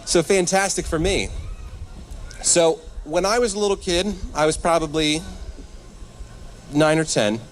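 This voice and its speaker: A man in his thirties with a high voice tells a comic story to a live crowd. He is animated and self-deprecating, and faint room ambience sits under his voice. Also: a little slow, pauses often, slight background noise. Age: 30s. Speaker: comedian. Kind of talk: stand-up comedy storytelling. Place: live event at a church.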